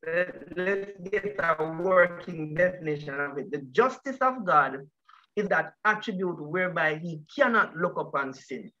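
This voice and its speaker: A man's voice: on the high side, bright, forceful tone, highs cut off. A man pastor teaching a Bible study over an online call, who asks the group questions and often repeats his words.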